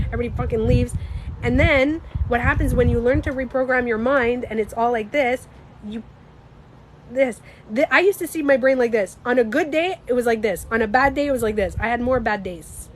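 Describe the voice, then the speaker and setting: A woman with a somewhat high voice and a slightly stuffy nose, talking casually on a livestream. She is animated and emphatic, swears freely and speaks straight to her viewers. A faint hum of background noise sits behind her. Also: a little fast. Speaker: livestreamer and beauty coach.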